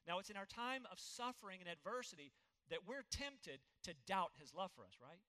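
A man's voice: high voice, lively intonation, moderate pace, pushed and bright, in a large hall. A man preaching a sermon as pastor, earnest and emphatic, reading scripture aloud to his congregation.

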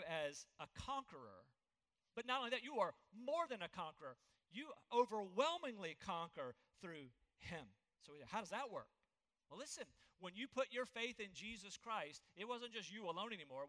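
A man's voice: sits high, sharp tone, big-room sound. A man preaching a sermon as pastor, earnest and emphatic, reading scripture aloud to his congregation.

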